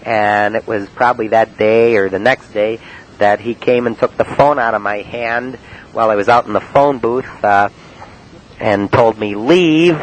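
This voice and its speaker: A man in a spoken-word monologue, recounting his prank calls in a halting, matter-of-fact way with many uhs and ums. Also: fairly low pitch, fairly even intonation, a little hiss or hum, low-quality recording. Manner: halting, full of uh and um.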